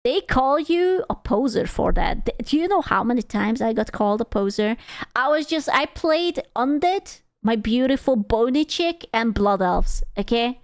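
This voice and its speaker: A woman's voice: on the high side, lively intonation, normal speed, dry recording, studio quality. Chatty, crude young woman streamer. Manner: chatty, crude, jokey, with stumbling restarts. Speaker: VTuber streamer reacting to a video. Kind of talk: casual reaction commentary.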